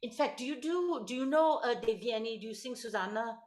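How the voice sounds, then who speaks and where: Woman voice teacher, higher voice, encouraging, video call, echoey room. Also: lively intonation, darkish tone. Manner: encouraging, quick praise, coaching instructions. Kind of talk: virtual one-on-one singing lesson.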